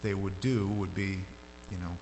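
A man preaching a sermon in a loose, conversational way. His voice jumps up sharply when he gets animated. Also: deep voice, moderate pace, vocal fry. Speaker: pastor. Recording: hall reverb with faint hum.

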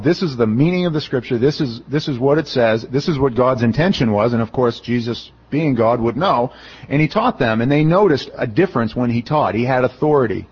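A middle-aged pastor gives a conversational expository sermon, acting out the voices of people he quotes in animated retellings. His voice is medium-pitched with a breathy edge, and the recording has its highs cut off.

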